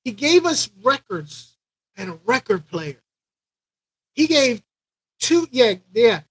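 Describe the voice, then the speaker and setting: A man's voice: very high voice, slow pace, breathy edge, no room sound, rough recording. A man from Brooklyn hosting a live aquarium chat, telling a childhood story casually with lots of repetition and playful sound effects. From Brooklyn, New York. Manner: animated, repeats himself, imitates record scratching. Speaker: aquarium channel host.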